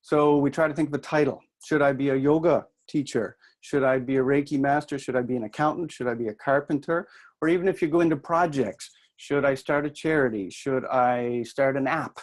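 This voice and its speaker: A middle-aged man from New Brunswick, with an accent blending Canadian and Irish, gives a chatty, self-deprecating workshop talk to an audience. His voice is medium-pitched and fairly quick.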